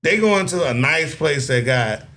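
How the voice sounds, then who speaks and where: A middle-aged man telling a story in a casual chat, acting out other people's voices now and then. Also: moderate pace. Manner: animated storyteller, acts out voices in a high falsetto. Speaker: podcast co-host.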